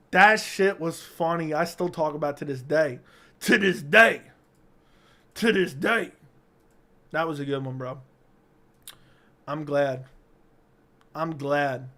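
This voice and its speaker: High-voiced man telling stories on a livestream. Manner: profane, animated storytelling, answers chat. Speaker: livestream host. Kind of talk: casual storytelling livestream. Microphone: studio dynamic mic.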